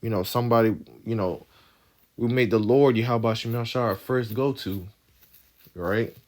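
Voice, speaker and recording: A man speaking at a normal speed in a medium-pitched, slightly mellow voice teaches scripture informally. He reads Bible verses aloud, explains them emphatically, and keeps ending his points with "right?"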